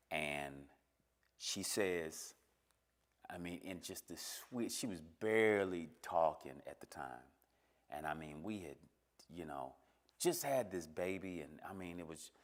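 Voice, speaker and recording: A middle-aged man shares an emotional personal testimony as a church speaker. He tells his story, moving between hushed, almost whispered lines and emphatic high points.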